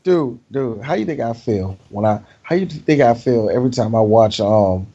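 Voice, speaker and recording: A man's voice: mid-range voice, lively intonation, normal speed, mellow, husky, dull audio. A man co-hosting a casual movie podcast, joking and swearing, laughing often. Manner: laughs often, profane, jokey impressions. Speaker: podcast co-host.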